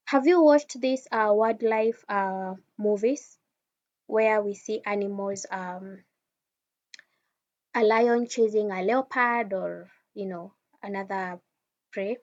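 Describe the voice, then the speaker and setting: A woman's voice: medium pitch, takes it slowly, a little mellow. A woman giving an informal wellness teaching talk, speaking straight to the listener in a conversational way with frequent restarts. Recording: dull lo-fi sound.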